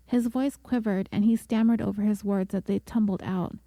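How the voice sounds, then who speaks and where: A woman narrates a true-crime story in a measured, deliberate manner, her voice mellow and a little high. The sound is close and dry, with no room around it. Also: steady tone, no echo. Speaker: podcast host.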